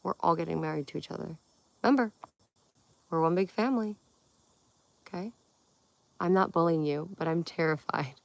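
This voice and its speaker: A woman's voice: on the low side, moderate pace, creaky, pauses often, dry recording. A young woman from Connecticut hosting a casual livestream, chatting playfully and answering comments one by one. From Connecticut, USA. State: tired. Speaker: livestream host.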